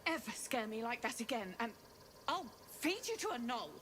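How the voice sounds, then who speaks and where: A woman voicing a stern mother character in a dark fantasy video game, scolding with a threat, heard faintly from the game audio. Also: on the high side, sing-song, normal speed, a little hiss or hum. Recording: faint game audio behind the stream talk.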